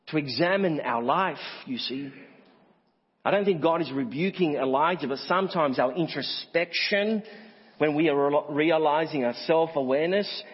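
A man preaching a sermon as pastor, asking the congregation direct questions and swinging from high emphatic peaks to quiet asides. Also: breathy edge. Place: church. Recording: muffled church sermon recording with long reverb.

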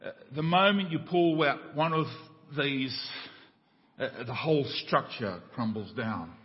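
A man with an Australian accent, a pastor preaching a sermon in a church, telling a joke with rising excited voices. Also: unhurried. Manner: preaching with a joke, voices climbing high in the tale. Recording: dull church recording with long reverb.

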